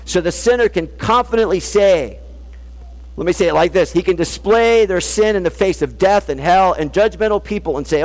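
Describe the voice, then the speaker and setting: Male preacher, fairly high voice, earnest and pleading, long hall echo. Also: animated. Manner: earnest, pleading, slows for emphasis. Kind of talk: sermon.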